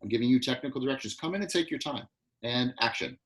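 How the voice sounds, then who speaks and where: A man acting coach leading a live online class, giving quick, directive notes over a video call. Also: mid-range voice, animated, a bit bright, poor audio.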